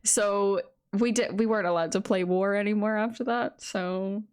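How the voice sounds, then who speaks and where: A woman co-hosting a casual podcast tells childhood stories with plenty of giggles. Her voice sits at an ordinary middle pitch, and her storytelling is lively and animated. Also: normal speed, smooth. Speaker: podcast co-host. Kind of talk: casual chat.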